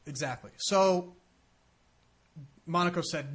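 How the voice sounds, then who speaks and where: American guy rambling on a podcast, kinda high voice, does goofy quote voices. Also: normal speed, fairly bright tone. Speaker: podcast co-host. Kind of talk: casual chat.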